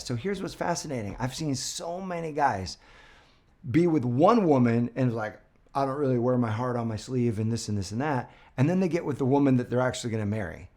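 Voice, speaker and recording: A man in his thirties giving relationship advice straight to his audience, conversational and animated, acting out quotes and often asking "right?". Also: fairly high pitch. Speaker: dating coach. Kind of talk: direct-to-camera relationship advice.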